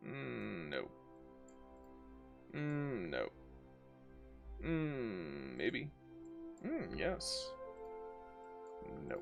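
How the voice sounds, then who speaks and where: A man's voice: on the low side, wildly swooping pitch, very slow, creaky, pauses often, dull audio, over music. A man streaming a strategy game, chatting casually, joking and reading viewer comments aloud as he plays. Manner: joking, talks to himself and reads chat aloud.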